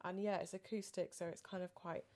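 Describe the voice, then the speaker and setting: A woman with a slightly low voice co-hosts a podcast, chatting casually into a studio mic. She muses and rambles, letting her sentences trail off quietly. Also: flat delivery, fairly quick. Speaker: podcast co-host. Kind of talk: casual chat. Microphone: studio microphone.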